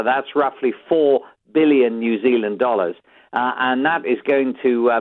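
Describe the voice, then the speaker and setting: Male British correspondent, measured phone report, tinny line. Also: medium pitch. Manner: measured reporting with frequent fillers.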